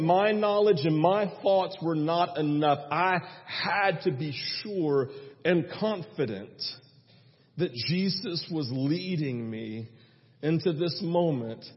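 A young pastor with a high voice tells a lively story from the pulpit, acting out his own panicked prayers. His voice rings with long reverb in a church sanctuary. The recording sounds dull and muffled. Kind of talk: sermon.

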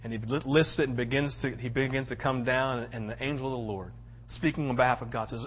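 Animated male preacher, muffled lo-fi recording. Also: mid-range voice, fast, breathy edge. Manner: animated storytelling, acting out voices. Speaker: pastor. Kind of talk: sermon. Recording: muffled lo-fi sound.

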